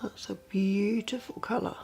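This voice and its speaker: A woman's voice: mid-range voice, steady tone, measured pace, soft background music. Chatty woman makeup vlogger. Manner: chatty and conversational, repeats "as I say"; quiet, half-murmured commentary while applying makeup. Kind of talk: casual makeup tutorial chat.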